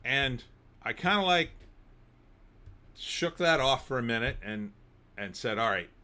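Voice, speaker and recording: Bright-voiced New man telling stories. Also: medium pitch, slow pace. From New Jersey. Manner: animated storyteller, bursts into shouting when riled. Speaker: host. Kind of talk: livestream commentary and reading chat.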